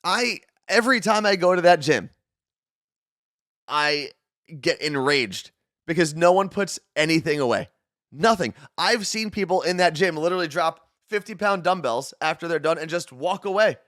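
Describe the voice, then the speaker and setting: A man from New Jersey with a New Jersey accent, co-hosting a casual chat podcast and talking in an animated way with quick asides. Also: on the high side, no room sound, clean studio sound. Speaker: podcast co-host.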